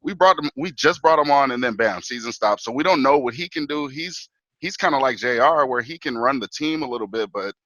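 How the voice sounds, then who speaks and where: Man, sports show guest, animated, bright forceful voice, dry recording. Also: mid-range voice, a little fast, dry recording, rough recording. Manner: animated, fan talk full of "bro" and "man". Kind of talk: casual sports talk.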